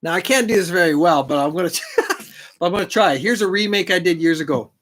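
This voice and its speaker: A man's voice: sits high, expressive, fast, a bit bright. Rambling, joking man. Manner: rambling, joking, self-deprecating. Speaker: live stream host. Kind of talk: casual live chat.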